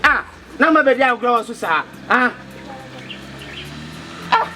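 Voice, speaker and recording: A man's voice: very high-pitched, sing-song, unhurried, bright, forceful tone, a little hiss or hum. A Ghanaian man with a Twi accent in a comedy skit, pleading and stammering with many repetitions. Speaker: comedy skit actor, fake motor rider.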